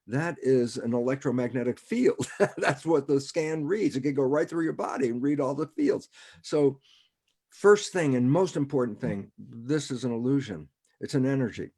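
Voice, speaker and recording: A man of average pitch explains ideas in an easy, conversational way over a video call. He keeps posing rhetorical questions to himself and chuckles often as he talks. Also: moderate pace, dark tone, slightly rough. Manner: rhetorical, keeps asking himself "why is that relevant?". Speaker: guest speaker.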